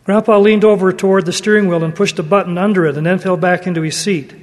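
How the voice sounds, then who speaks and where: A man giving an earnest, measured sermon and reading a story aloud. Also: sits high, steady tone. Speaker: religious speaker. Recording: long hall reverb.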